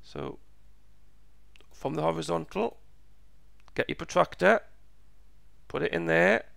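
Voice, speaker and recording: Man, teacher, gravelly and hoarse, slightly high voice, patient, repeats steps. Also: slow, fairly bright tone, dry recording. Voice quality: gravelly, croaky. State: voice going hoarse. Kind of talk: step-by-step physics lesson.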